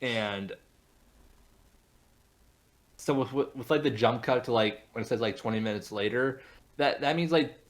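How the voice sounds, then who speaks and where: Young male podcast guest, mid-pitched, halting and chatty, quick to laugh. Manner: rambling with many restarts, laughs easily. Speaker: podcast guest, voice actor and show creator. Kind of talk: casual podcast interview.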